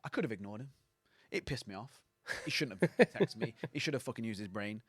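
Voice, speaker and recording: Blunt, sweary bloke talking fast. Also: male voice, fairly low pitch, expressive, dry recording, clean studio sound. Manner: blunt, sweary, grumpy and sarcastic. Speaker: fitness coaching mentor, podcast guest. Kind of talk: casual podcast chat.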